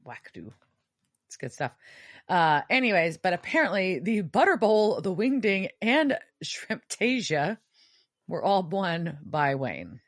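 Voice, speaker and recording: Woman podcast co-host, low voice that swings widely, casual and profane recap chatter. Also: unhurried, no echo, studio quality. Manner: animated, swears freely, emphatic outbursts. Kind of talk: casual chat recapping a TV episode.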